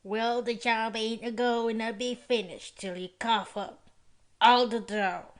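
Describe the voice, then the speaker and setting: A woman reading an audiobook, voicing a snarling, rough young man who does odd jobs. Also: a little high, steady tone, slow pace. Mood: bargaining. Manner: snarling, sneering.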